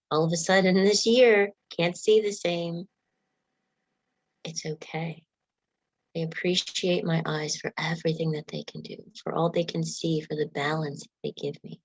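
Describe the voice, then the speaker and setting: A woman leading a guided meditation, coaching listeners gently through affirmations, yawns and stretches. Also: fairly low pitch, gravelly, dry recording, poor audio. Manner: leads yawning and stretching exercises.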